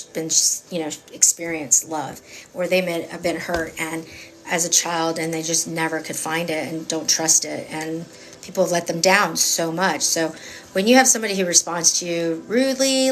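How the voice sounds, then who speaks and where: A woman's voice: lowish voice, fairly bright tone. A woman giving a live-stream tarot reading in a chatty, emphatic, rambling way with many fillers. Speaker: tarot reader.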